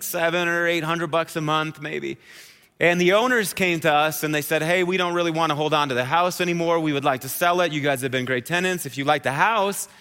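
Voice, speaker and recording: A man in his thirties preaching a sermon to a live congregation, telling a personal story in a conversational, animated way. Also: a little high, smooth. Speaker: pastor. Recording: hall reverb.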